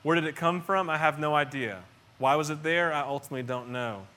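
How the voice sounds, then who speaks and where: A middle-aged man preaching a sermon in an earnest, conversational way, often restarting phrases and swinging between soft and loud. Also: a little high, fairly quick. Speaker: pastor.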